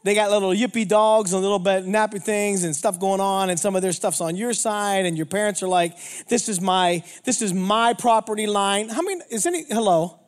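A man with a notably high voice delivers a lively, humorous sermon. He jokes with the congregation and keeps firing questions at them. He sounds like a seasoned minister in his fifties. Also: a little fast, clear, resonant tone. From Pittsburgh, United States. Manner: energetic, joking, asks the crowd questions. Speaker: traveling minister.

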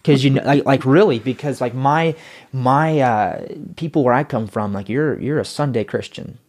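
A man telling his own story in a casual interview, rambling and repeating words as he grows excited. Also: mid-range voice, normal speed.

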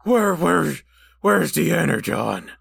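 A man doing an intense, shouting robot leader. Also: fairly high pitch, sing-song, slow, creaky, husky, pitched above the performer's own voice, heavily acted.

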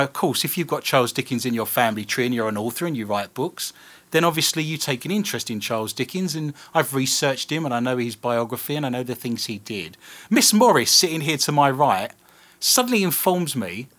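Animated British man telling a story. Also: medium pitch. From Britain. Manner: animated, self-mocking storyteller. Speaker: podcast host. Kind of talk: casual radio chat.

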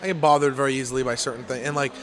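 A man hosting a casual comedy podcast, swearing freely and talking in quick, animated asides. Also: medium pitch. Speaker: podcast host.

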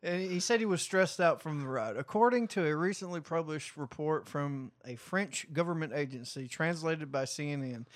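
A man's voice: fairly high pitch, moderate pace, hardly any pauses, no room sound. A man in casual, crude chat, reading out headlines with lots of laughter. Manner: crude, laughing, rambling delivery.

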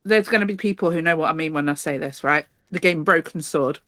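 A woman co-hosting a casual podcast, chatty and self-mocking, quick to laugh. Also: sits low, a bit bright, dry recording, studio quality. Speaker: podcast co-host. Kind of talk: casual chat.

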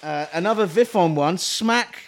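A man's voice: high-pitched, normal speed, a crowd in the background. A man co-hosting a comedy podcast, bantering playfully with lots of swings in his delivery. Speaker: podcast co-host. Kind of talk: comedic casual chat.

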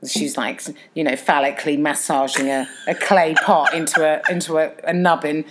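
A woman's voice: deep voice, flat delivery, moderate pace, heavy background noise. A woman in her thirties, co-hosting a casual chat, wry and chatty with cheeky jokes. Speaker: podcast co-host.

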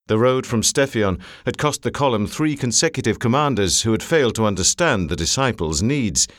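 A man reads a novel aloud in a measured, expressive storytelling manner. His voice is low, yet it rises and falls with lively movement from line to line. The recording is close and dry, with no room sound. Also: dry recording. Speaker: audiobook narrator. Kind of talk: scripted narration. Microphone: close studio mic.

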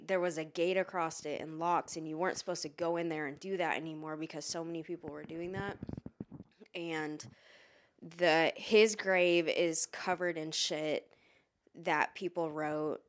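A young American woman co-hosting a podcast, rambling in casual chat and swearing a lot, getting loud and animated when she argues. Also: low voice, measured pace. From United States. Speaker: podcast co-host. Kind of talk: casual chat while eating hot wings.

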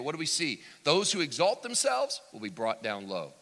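Animated male pastor in a reverberant hall. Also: mid-range voice, moderate pace, few pauses. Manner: dramatic swings from loud to hushed, acting out quotes. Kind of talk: sermon. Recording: long reverb of a church hall.

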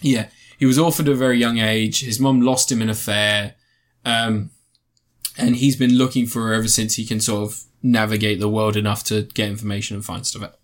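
A man's voice: on the low side, flat delivery, brisk. A man co-hosting a casual podcast and reviewing films, rambling and cutting himself off with crude jokes. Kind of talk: casual chat, film review.

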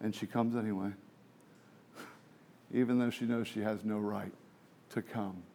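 A man's voice: fairly low pitch, fairly even intonation, measured pace, creaky, mellow. A man preaching a sermon, emphatic and full of rhetorical questions, sometimes dropping to a near whisper.

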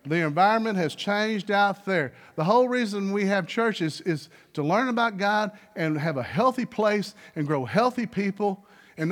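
A middle-aged man preaching a sermon as pastor, telling folksy stories and firing rhetorical questions at the congregation. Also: on the high side. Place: church sanctuary.

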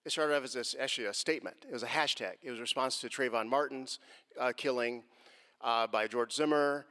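A middle-aged man giving an earnest answer to a question on faith and race, moving from quiet reflection to impassioned emphasis. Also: medium pitch, fairly quick. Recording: long hall reverb.

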